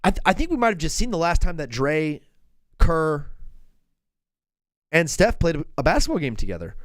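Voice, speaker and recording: A man hosting a live basketball call-in show, talking in an excitable, joking, rambling way. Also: a little high, normal speed, no echo. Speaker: host.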